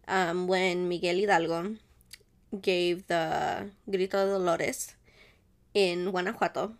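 A slow, creaky voice, lowish and steady in tone, belongs to a woman hosting her own podcast. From a Mexican family, she rambles through a casual solo chat, laughing often and dropping into Spanish at times.

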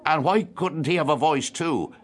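A man voicing an awkward, earnest dinner guest who stammers and turns sharp when challenged. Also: mid-range voice, sing-song, unhurried, voice pushed up. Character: awkward, eager man, quick to take offence.

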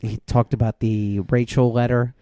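A man with a warm, mellow voice talks over a film in casual podcast chat, full of "like" fillers as he spins a story. The sound is dry and close, with no room around it. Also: medium pitch, normal speed, dry recording. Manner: animated storyteller, lots of "like" fillers.

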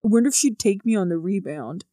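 A woman's voice: mid-range voice, lively intonation, fast, mellow, dry recording, clean studio sound, close to an everyday voice. A woman voicing a cocky, joking teenage boy in a storybook reading, speaking in a brash, joking way.

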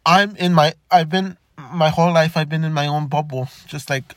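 Halting young man, candid and unscripted. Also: fairly high pitch, fairly even intonation, no room sound. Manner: halting, many restarts and stammered repeats. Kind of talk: personal reflective monologue.

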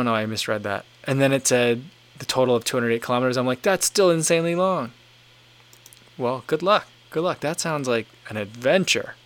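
A man's voice: medium pitch, a bit bright. A man hosting a casual livestream, reading viewer comments aloud and answering them in a rambling, filler-heavy way as he thinks aloud. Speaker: livestream host reading chat.

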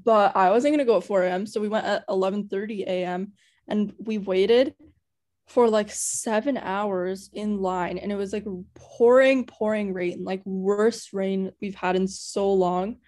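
A woman's voice: medium pitch, fairly even intonation, unhurried, darkish tone. A young woman co-hosting a podcast in casual chat, rambling and gushing with lots of "like". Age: young adult. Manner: rambling and gushing, heavy use of "like". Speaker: podcast co-host.

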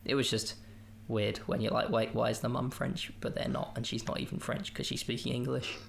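A man's voice: mid-range voice, level tone, brisk, creaky, slight background noise. A man hosting a podcast, chatting casually about a film in a rambling, jokey and self-amused way. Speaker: podcast host. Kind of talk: casual film review chat.

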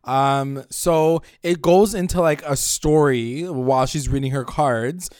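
A man casually recapping a show episode and swearing freely, jumping into loud voices when he quotes the characters. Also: fairly high pitch, slow pace, smooth, dry recording, studio quality. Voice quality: animated, swears freely, acts out lines when retelling. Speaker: podcast co-host recapping a show. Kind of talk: casual chat.

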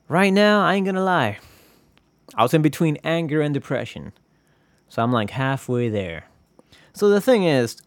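Pitched fairly high, a man's voice carries his solo podcast, which is loose, foul-mouthed and self-deprecating as he rambles along. The recording has no room sound.

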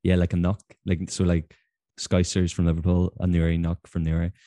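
A Northern Irish man hosting a casual interview, chatty and quick to laugh. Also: low-pitched, completely flat delivery, dark tone, no room sound, studio quality. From Northern Ireland. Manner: chatty, laughs easily, many fillers. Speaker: podcast host.

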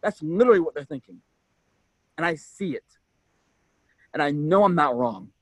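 A man's voice: animated, normal speed, a bit bright, no room sound, poor audio. A man co-hosting a podcast, speaking with fervent conviction and climbing into exasperated outbursts. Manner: fervent, rising to exasperated high pitch. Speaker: podcast co-host. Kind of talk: impassioned podcast rant.

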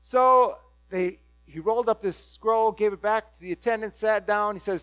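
A man delivers a sermon as a lively story, rising into excited bursts as he acts out the crowd. His voice sits high for a man, and the sound is dry and close with a low mains hum beneath it. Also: moderate pace, clean tone, no room sound. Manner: animated storytelling, voicing the crowd's reactions. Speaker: preacher.

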